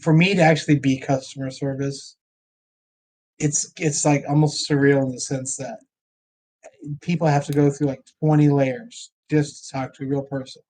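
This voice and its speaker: A man who is a podcast guest, telling stories in casual chat with halting, rambling restarts. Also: mid-range voice, fairly even intonation, a little mellow.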